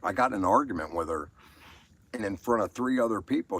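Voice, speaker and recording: Rambling Southern man, low voice. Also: expressive, fairly quick. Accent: Southern American. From Southern United States. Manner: crude, rambling storyteller. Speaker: livestream host. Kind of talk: rambling live-stream chat.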